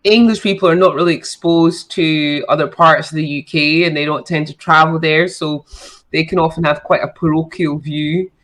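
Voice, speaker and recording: A woman's voice: low-pitched, steady tone, normal speed, a bit bright, poor audio. A woman chatting as a radio show guest, talking in a loose, filler-heavy way. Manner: chatty, lots of fillers and likes. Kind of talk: casual radio chat.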